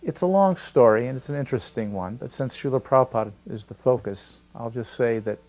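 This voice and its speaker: An older man telling a personal anecdote in a lively, storytelling way. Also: mid-range voice, fairly quick. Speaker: devotee recalling memories. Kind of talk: storytelling interview.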